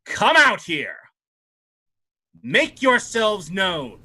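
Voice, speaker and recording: A man's voice: sits high, lively intonation, unhurried, sharp tone, pitched above the performer's own voice, exaggerated voice. A man voicing a stern, imperious male elven lord who barks orders with contempt. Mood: commanding.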